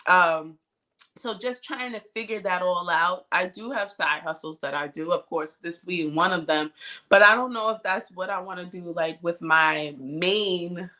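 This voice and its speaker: A woman in her thirties hosts a podcast in a candid, chatty way and laughs often. Her voice is on the low side for a woman and sounds bright and forceful. She is recorded on a cell phone. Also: measured pace. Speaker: podcast co-host. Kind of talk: casual chat.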